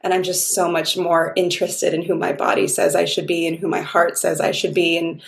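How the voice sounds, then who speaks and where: Woman, interview guest, effusive, heartfelt, rambling, low-pitched, roomy echo. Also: little pitch movement, fairly quick, vocal fry. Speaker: guest, dating mentor. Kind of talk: casual interview chat.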